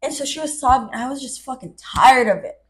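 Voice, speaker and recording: A woman's voice: sits high, fast talker. A young woman co-hosting a podcast, telling a story in casual chat, acting out the quotes and swearing freely. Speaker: podcast co-host.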